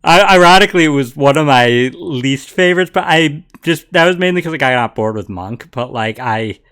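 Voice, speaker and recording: A man's voice: fairly high pitch, lively intonation, normal speed, a bit bright, clean tone. A man chatting casually with a co-host while streaming a game, laughing often. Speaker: let's play streamer.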